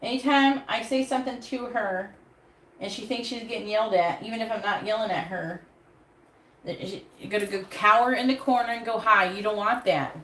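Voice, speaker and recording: A woman's voice: medium pitch, normal speed, a bit bright. Blunt, profane tarot reader woman. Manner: blunt, profane, advice-giving. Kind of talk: live-stream tarot reading. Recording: echoey room with faint background noise.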